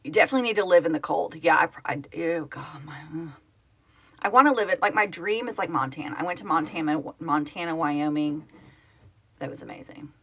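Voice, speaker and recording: A middle-aged woman from Oklahoma talks into her phone on a home live stream, answering viewer comments as they come. Her voice is bright and clear, and she rambles and corrects herself in an easy, chatty way. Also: sits low, lively intonation, fairly quick. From Oklahoma, United States. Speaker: livestream host, project founder. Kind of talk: casual live-stream chat reading comments.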